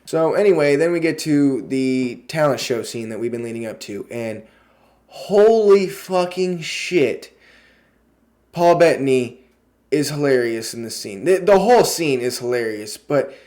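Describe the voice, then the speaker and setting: A man giving a casual video review of a TV show, excitable, swearing freely and filling his talk with fillers. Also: mid-range voice, moderate pace.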